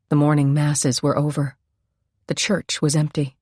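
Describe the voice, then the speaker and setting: Low-voiced woman narrating a suspense novel. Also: husky, no room sound, clean studio sound. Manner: measured, steady storytelling. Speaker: audiobook narrator. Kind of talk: scripted narration.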